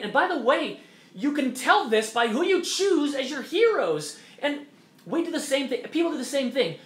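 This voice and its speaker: A man with a very high, somewhat bright voice hosts an opinion monologue in an echoey room. He speaks emphatically, repeats himself, and mocks the voices he quotes.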